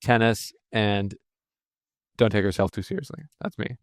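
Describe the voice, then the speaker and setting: Brief: male podcast co-host, slightly low, smooth voice, dry close mic, upbeat and chatty. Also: expressive, normal speed, no room sound. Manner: upbeat, hype-driven, chatty with restarts. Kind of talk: casual podcast chat.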